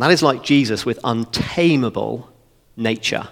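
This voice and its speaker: A man delivers an animated, chatty expository sermon and keeps breaking in with joking asides. His voice sits a little high and swings up and down through a wide range. The sound carries a long reverb, as in a church hall. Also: normal speed. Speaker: preacher.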